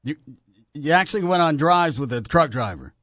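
Lively, teasing male radio host. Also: a little high, moderate pace, no echo, studio quality. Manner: joking, teasing. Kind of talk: morning radio banter.

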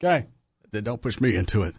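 A man's voice: lowish voice, big pitch swings, fast, slightly rough, no echo, studio quality. A man with a Texan accent hosting a radio talk show, joking with his co-host and reading out listener emails. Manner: joking, laughs often, reads emails aloud. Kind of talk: casual radio banter.

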